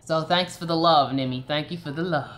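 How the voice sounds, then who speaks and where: A woman's voice: low-pitched, a little fast. A woman with a Long Island New York accent, hosting a casual live stream and answering viewer questions in a chatty, coaching way.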